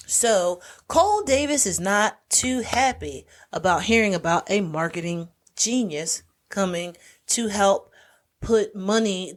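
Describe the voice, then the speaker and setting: A woman co-hosting a podcast, chatting casually as she retells a movie's plot and acts out the characters' lines. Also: medium pitch. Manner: animated storyteller, acts out quoted lines. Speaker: podcast co-host. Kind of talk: casual chat recapping a movie.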